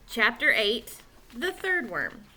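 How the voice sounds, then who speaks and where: Woman reader, children's book, lively pitch, easy home-style delivery with restarts. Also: slow, slight background noise. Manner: casual reading with small slips and restarts. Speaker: audiobook reader. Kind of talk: reading a children's novel aloud.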